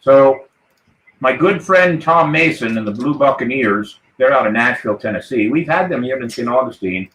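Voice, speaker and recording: A man hosts a live podcast as a jolly pirate captain, rallying and toasting his crew in a hearty voice. His voice sits at a middle pitch. The room around him is noticeably echoey. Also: lively intonation, normal speed, a bit bright, slight background noise. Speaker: podcast host. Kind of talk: live podcast chat in a playful pirate persona.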